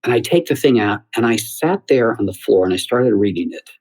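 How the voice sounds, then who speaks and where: A middle-aged man from the United States, a theater critic, telling lively stories as a guest in an interview. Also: mid-range voice, a little fast, poor audio. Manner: animated storyteller who acts out quoted voices. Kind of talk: anecdotal interview storytelling.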